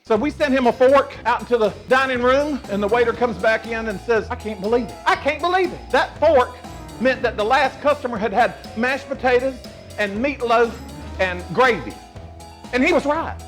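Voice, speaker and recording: A man's voice: very high voice, moderate pace, a bit bright, soft background music. A man in drag persona, hosting a comedic cooking show and telling sassy, salty joke stories in a kitchen. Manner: sassy, salty storytelling with laughs.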